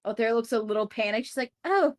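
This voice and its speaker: Casting: a young-sounding woman at a game table, giggly, a bit hesitant, fairly high voice. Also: brisk. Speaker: player. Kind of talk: casual tabletop play.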